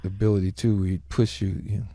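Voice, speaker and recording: A man on a talk show telling comic stories in an animated way, acting out the people in them and laughing as he goes. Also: fairly low pitch, fast, heavy background noise. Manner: acts out quoted voices, laughs through stories.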